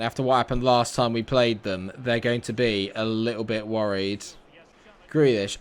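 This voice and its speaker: A young man giving live commentary on his football video game, sarcastic and exasperated, bursting into excited shouts. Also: mid-range voice. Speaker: gaming commentator.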